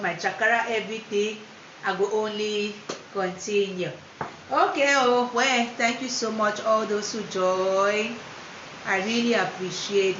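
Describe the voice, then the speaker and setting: A woman's voice: mid-range voice, a bit bright, a little hiss or hum. A woman with a West African Pidgin English accent gives an emphatic motivational livestream talk. She repeats words for stress and switches between Pidgin and standard English. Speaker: motivational speaker. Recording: roomy, dull lo-fi livestream audio.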